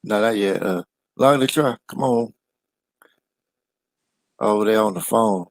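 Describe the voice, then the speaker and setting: A man in casual chat, relaxed, repeating words as he gets going. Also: lowish voice, unhurried, no room sound.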